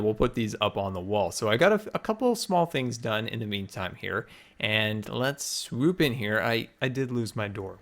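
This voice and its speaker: A lowish, somewhat bright male voice leads this building-game video. The host keeps a cheerful running commentary on Minecraft as he plays, a bit short of breath.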